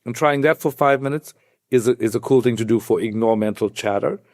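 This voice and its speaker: A man, a psychiatrist guest on a podcast, who talks in an animated, conversational way and explains things step by step like a teacher. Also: mid-range voice, fairly quick, no echo, studio quality. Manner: animated storyteller, acts out quoted voices.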